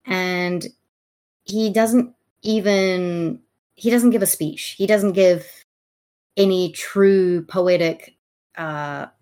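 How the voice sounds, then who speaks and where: A woman co-hosting a casual podcast, chatty and giggly, with frequent fillers, sometimes reading verse aloud. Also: on the low side. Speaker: podcast co-host. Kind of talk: casual book-club discussion with dramatic readings.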